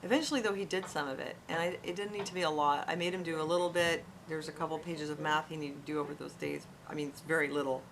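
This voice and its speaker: Middle-aged mom vlogger, low register, earnest and blunt, casual to-camera talk, light room noise. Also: female voice, fairly even intonation, fast talker, hardly any pauses, a bit bright. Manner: earnest, frank, repeats words when emphasizing. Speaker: parent vlogger.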